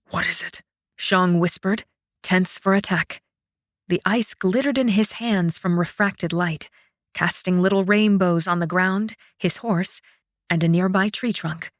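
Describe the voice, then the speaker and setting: A woman narrating a fantasy audiobook in a dramatic, expressive way. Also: mid-range voice, no echo, clean studio sound.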